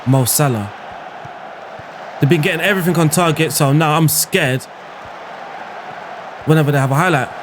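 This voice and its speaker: Excitable man, fairly high voice. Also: normal speed, pauses often, crowd noise, noisy background. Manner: excitable, groaning and exclaiming at the game. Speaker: gaming YouTuber. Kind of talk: live game commentary.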